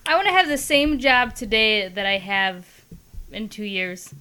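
Podcast lady, bright clear voice, dry matter-of-fact jokes. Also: medium pitch, expressive, a little slow, slight background noise. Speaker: podcast co-host. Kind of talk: casual chat.

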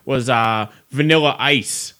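A man co-hosting a podcast in casual chat, talking in animated, profane, enthusiastic rants with bursts of laughter. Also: medium pitch, takes it slowly. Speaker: podcast co-host.

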